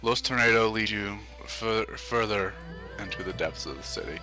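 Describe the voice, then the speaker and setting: A man narrating as dungeon master of a tabletop game, describing scenes with halting restarts and fillers. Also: fairly low pitch, music in the background.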